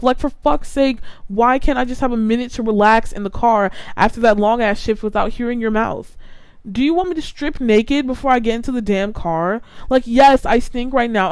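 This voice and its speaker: A woman's voice: fairly high pitch, clean tone, dry recording. A young adult woman hosting a podcast, ranting casually and with exasperation, full of "like" fillers. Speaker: podcast host.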